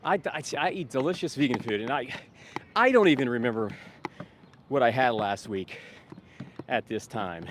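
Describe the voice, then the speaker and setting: A man's voice: medium pitch, animated, normal speed, long pauses, background noise. A man recording a casual vlog outdoors on a town street while doing vegan outreach. He talks in a rambling, upbeat way with many fillers and restarts. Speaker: vegan street activist and vlogger.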